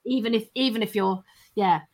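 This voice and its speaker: A woman co-host thinks aloud in casual chat and restarts her sentences as she goes. Her pitch sits in the middle of the range. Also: fairly quick. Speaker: podcast co-host and scenario writer.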